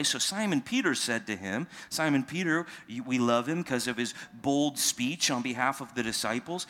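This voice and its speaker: A man's voice: mid-range voice, fairly bright tone. Conversational pastor, a man preaching. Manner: conversational, asks listeners rhetorical questions; acts out quoted lines in casual modern speech. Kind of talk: sermon.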